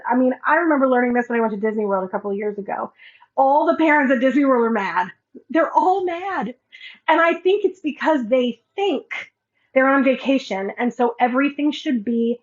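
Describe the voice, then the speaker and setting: A woman podcast host and life coach telling a personal story in a casual monologue, acting out the quoted dialogue with animation. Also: on the high side. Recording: slightly muffled lo-fi audio.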